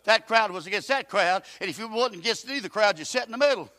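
An older man preaching a sermon, swinging from soft talk to impassioned shouting. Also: sits high, expressive, quick pace, few pauses, no room sound.

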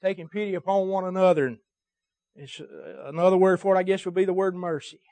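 A man's voice: sits high, fairly even intonation, quick pace, dark tone, no room sound. A man preaching a sermon to his church, emphatic and cadenced, his volume swelling and dropping. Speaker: pastor. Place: church service.

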